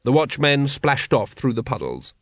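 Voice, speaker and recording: A male narrator reading fiction aloud with a wry, measured delivery. His voice is lively in pitch and sounds close and dry, with no room around it. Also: dry recording. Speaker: audiobook narrator. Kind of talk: scripted narration.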